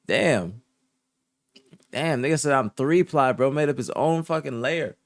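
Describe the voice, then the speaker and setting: A soft-spoken young man talks casually on his live stream in a laid-back voice of middle pitch, sometimes sinking into low murmurs and sometimes climbing into higher, indignant protests. He often says the same thing twice. The sound is dry and close, with no room around it. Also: expressive, slow, no echo. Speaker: streamer reporting esports news. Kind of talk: casual live-stream chat, reading and answering chat.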